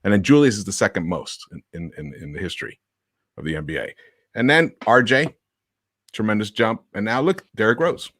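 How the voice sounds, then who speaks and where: Animated man with a lively voice. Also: fairly low pitch, a little fast, dry recording, studio quality. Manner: animated, laughs easily, stumbles over words. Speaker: podcast panelist. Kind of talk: casual sports discussion.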